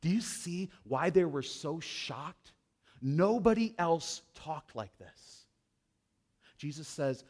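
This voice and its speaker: A man preaching a sermon to a congregation, swinging between loud, emphatic lines and low, hushed ones while addressing the listeners directly. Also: lively intonation, normal speed. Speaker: pastor.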